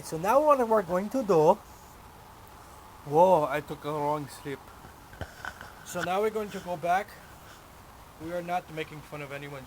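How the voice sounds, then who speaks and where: A man's voice: on the high side, heavy background noise. A man chatting casually while working on his car in a garage, full of crude, profane jokes and banter.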